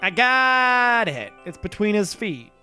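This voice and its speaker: This streamer has a high voice that swings widely in pitch, delivered slowly with a pushed, bright quality. Playing a video game live, he chats casually and rambles, running himself down and swearing now and then. Soft game music sits in the background.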